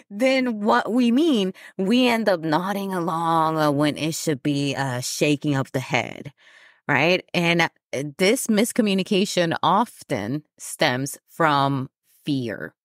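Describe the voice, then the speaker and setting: Woman host, low voice, candid solo podcast talk, dry close recording. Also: no room sound. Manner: candid, laughs at herself, frequent fillers. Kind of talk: personal reflective podcast talk.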